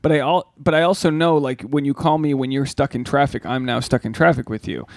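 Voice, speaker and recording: A man's voice: medium pitch, fairly even intonation, fairly quick, creaky, no echo, clean studio sound. A man co-hosting a casual podcast, telling stories in a rambling, profane way. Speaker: podcast co-host.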